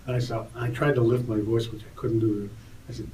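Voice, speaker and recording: A man's voice: medium pitch, a little fast, a little hiss or hum. An older man, a guest in an interview, telling stories and lifting his voice as he acts out the dialogue. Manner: lively storyteller, raises his voice for quoted dialogue. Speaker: interview guest, tour photographer. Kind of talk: animated anecdote storytelling. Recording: roomy, distant mic, faint ambience.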